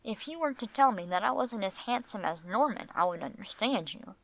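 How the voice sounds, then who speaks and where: A woman's voice: medium pitch, animated, fairly quick, gravelly, no echo. A woman voicing a playful, teasing middle-aged husband in a storybook reading.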